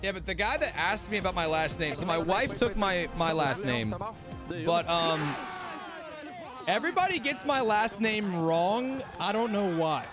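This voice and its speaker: A man's voice: sits high, a little slow, over music. A man hosting a casual live-stream watch party, rambling and swearing freely as he chats with his audience, sleepy and yawning. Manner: rambling, profane and animated.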